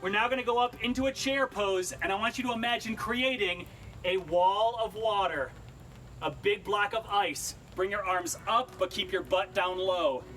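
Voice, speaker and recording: A cheery fitness instructor with a high, bright voice runs a live-streamed workout class at an unhurried pace, sprinkling puns among his cues. He adjusts his camera mic as faint music plays in the background.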